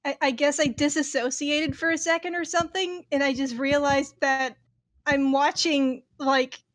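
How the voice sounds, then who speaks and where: A woman's voice: high-pitched, steady tone, normal speed, fairly bright tone. A woman co-hosting a podcast, chatting casually, swearing and laughing through her stories. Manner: laughing storyteller, swears freely. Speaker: podcast co-host. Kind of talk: casual chat.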